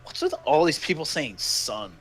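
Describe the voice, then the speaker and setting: A man's voice: fairly high pitch, sing-song, normal speed. A man giving sarcastic, exasperated commentary while reading a story aloud with a co-host, often swearing. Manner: mocking, profane, exasperated.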